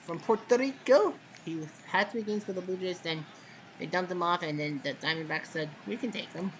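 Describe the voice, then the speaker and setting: A man hosting casual play-by-play commentary of a simulated baseball game, relaxed and chatty, with sudden loud calls on big plays. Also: sits high, fairly quick, noisy background.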